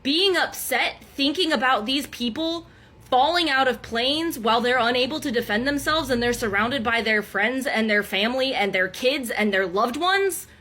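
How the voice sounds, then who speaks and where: A young woman vents to camera in an angry, exasperated rant full of swearing. Her voice sits high and gets sharper as she presses her point, though she stays steady enough to keep talking. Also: moderate pace. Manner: heated, profane, exasperated. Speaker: content creator.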